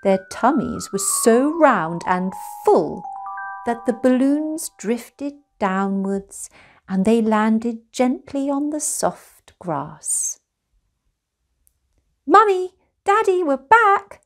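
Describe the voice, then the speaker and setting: Brief: woman storyteller, slow unhurried pace, lively lilting pitch. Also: faint music behind. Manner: slow, gentle and expressive. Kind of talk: reading a children's picture book aloud.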